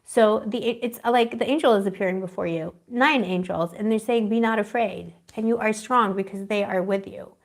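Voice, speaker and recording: This tarot reader's mid-range voice runs a little fast with hardly any pauses on her live stream. Dreamy and rambling, she fumbles for words and showers viewers with affectionate pet names.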